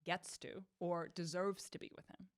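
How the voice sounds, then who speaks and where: A woman co-hosting a casual comedy podcast, playful and quick with her interjections. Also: on the low side, level tone, dry recording, studio quality. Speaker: podcast co-host.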